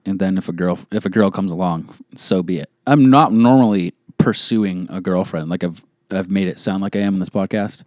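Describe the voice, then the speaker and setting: A man's voice: sits low, a little fast, few pauses, darkish tone, dry recording, studio quality. A man in his thirties co-hosting a podcast, chatting casually in a joking, crude, self-mocking way. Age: 30s. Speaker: podcast co-host.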